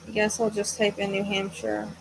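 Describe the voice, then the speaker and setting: A woman hosts a live psychic reading as a medium, thinking aloud in a hesitant, searching way and trailing off into self-corrections. She sounds tired, with a monotone mid-range voice at normal speed. The background is noisy.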